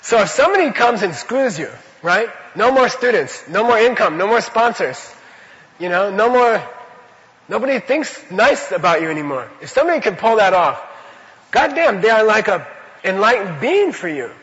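A man's voice: sits high, sing-song, normal speed, fairly bright tone. A man giving an informal spiritual teaching, rambling and chatty, often saying "you know" and telling stories. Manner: laughs while telling stories. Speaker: Buddhist teacher. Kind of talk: informal spoken teaching with anecdotes. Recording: reverberant hall, dull lo-fi sound.

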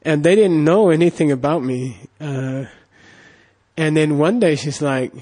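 A warm-toned, fairly high voice belongs to a middle-aged man teaching Buddhism casually and a little slowly. He drifts from anecdote to anecdote, regularly asking "okay?" and saying "you know."

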